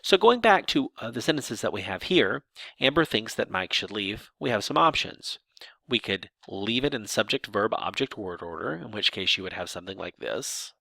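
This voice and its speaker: A man's voice: on the low side, normal speed, gravelly, dry recording. A man teaching sign language grammar, explaining examples step by step with some restarts. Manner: lively explanatory delivery with restarts.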